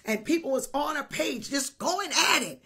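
A woman bishop preaching a sermon, animated, shouting at times and breaking into tongues. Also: high voice, moderate pace.

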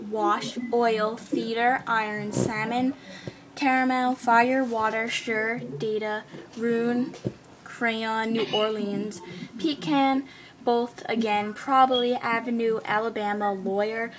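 A woman's voice: on the high side, steady tone, slow pace, crowd noise. A young woman with a New York accent, reading a word list and answering questions for an accent challenge video, chatty and easily flustered. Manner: chatty, flustered, self-mocking. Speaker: vlogger. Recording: noisy webcam recording.

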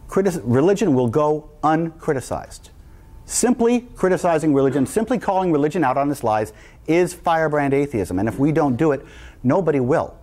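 With a fairly high, slightly mellow voice, a middle-aged New Jersey man gives a public talk as a guest speaker before a live crowd. He drives his points in through emphasis and repetition.

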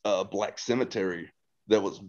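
A man's voice: fairly low pitch, fairly even intonation, normal speed, lo-fi sound, noisy background. A man casually telling a long ghost story to his brother, full of restarts, swearing and quoted dialogue. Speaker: podcast guest, host's brother.

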